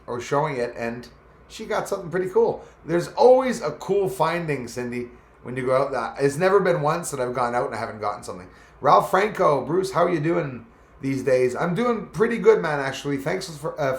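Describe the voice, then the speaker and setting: A man's voice: a little high, animated, normal speed. A man hosting a casual live stream, chatting loosely and greeting viewers by name as their comments come in. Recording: echoey room.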